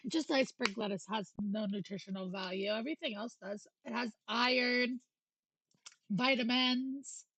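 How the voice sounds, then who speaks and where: A woman's voice: fairly high pitch, normal speed, a bit bright, a little hiss or hum. A woman livestreamer chatting casually and joking with profanity as she reacts to videos. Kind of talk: casual stream chat.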